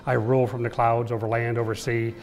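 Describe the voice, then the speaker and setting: A man's voice: medium pitch, flat delivery, a little fast, darkish tone, lightly acted. A man voicing a boastful, bossy male turtle king, bellowing orders while reading a children's book aloud in an echoey room. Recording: echoey room with long reverb.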